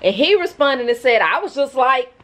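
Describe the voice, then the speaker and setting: A woman's voice: sits high, big pitch swings, moderate pace, a bit bright. A woman, chatting bluntly and casually to her viewers in a vlog, with laughing asides. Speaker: vlogger.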